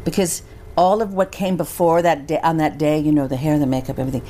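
A woman guest telling personal stories in a relaxed interview, animated and acting out the voices of the people she quotes. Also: sits low, fast. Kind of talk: conversational storytelling. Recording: faint background noise.

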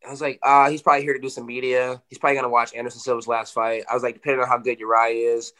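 Man, fighter, fast talker, bright forceful tone, casual interview, animated, swearing. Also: mid-range voice. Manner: animated, swearing, lots of "you know".

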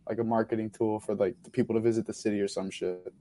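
A man with a warm, mellow voice on a casual sports chat. He throws out blunt, provocative takes without hedging. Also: on the low side, steady tone, fast.

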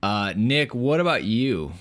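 A man's voice: mid-range voice, big pitch swings, a little slow, fairly bright tone. A man hosting a casual podcast chat, leading the talk and laughing easily. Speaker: podcast host.

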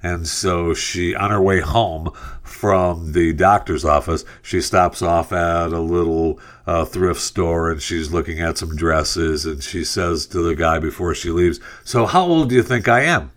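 Deep male talk-radio host, loose and rambling. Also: a little slow. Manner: relaxed, rambling, frequent fillers. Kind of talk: casual talk, telling a joke.

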